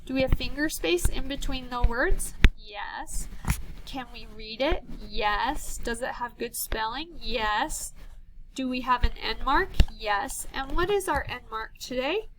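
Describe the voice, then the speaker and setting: A high-pitched woman teaching young children to read, talking slowly and patiently as she sounds out words and counts down. A clear hiss of background noise runs under her voice. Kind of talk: early reading lesson for young children.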